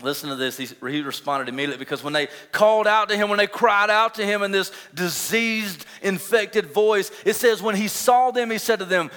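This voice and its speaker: A man's voice: sits high, fairly quick, pushed and bright. A young adult man preaching a sermon as pastor, impassioned and drawing the congregation in. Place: church. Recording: long reverb of a church hall.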